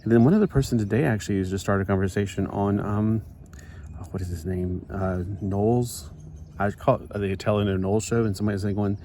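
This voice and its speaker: A man with a very low, deep voice rambles along in a chatty, self-interrupting way as he builds a toy set. A steady noise runs behind him throughout the recording. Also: fast. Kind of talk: casual chat while building.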